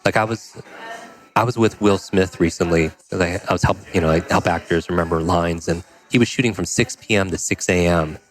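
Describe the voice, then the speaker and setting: Guy with a really deep voice rattling off a story quick on a podcast, acts out all the voices. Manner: fast, energetic storyteller acting out quoted dialogue. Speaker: podcast guest. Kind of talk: conversational storytelling.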